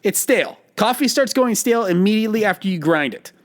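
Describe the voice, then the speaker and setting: A man co-hosting a podcast, talking in casual banter, emphatic and quick to laugh. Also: high-pitched. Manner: animated and emphatic, laughs often. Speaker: podcast co-host.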